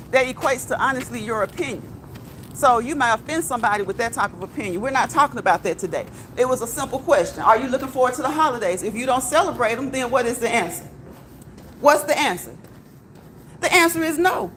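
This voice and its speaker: A woman with a high voice talks casually to her live viewers as she walks outdoors, reading their comments aloud. She repeats herself and keeps checking in with "okay?" and "right?". Cars and a passing train are plainly heard around her on the street. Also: a little fast, fairly bright tone. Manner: chatty, repeats phrases, ends lines with "okay?" and "right?". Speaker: live-stream host. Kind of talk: casual live-stream chat while walking. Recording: outdoor street with traffic noise.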